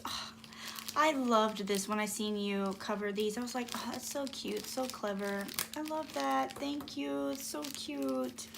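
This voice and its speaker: A woman's voice: fairly high pitch, vocal fry, noisy background. A woman vlogger chatting through a craft mail unboxing, gushing and squealing with delight. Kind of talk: excited unboxing vlog.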